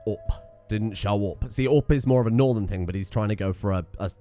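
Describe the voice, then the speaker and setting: A man's voice: lowish voice, quick pace, dark tone, clean tone, soft background music. A British man doing casual, sarcastic let's-play commentary, swearing and laughing in asides as a gaming streamer.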